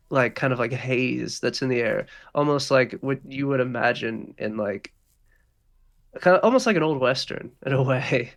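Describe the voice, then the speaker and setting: Rambling, casual male game master. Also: medium pitch. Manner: rambling, filler-heavy, casual swearing. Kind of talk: narrating a tabletop game.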